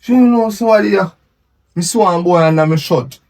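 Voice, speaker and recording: A man plays an aggrieved young man with a slightly high voice. He keeps pressing his complaint in an insistent tone. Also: fairly quick, darkish tone. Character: aggrieved young Jamaican man confronting a friend. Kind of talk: web series acting.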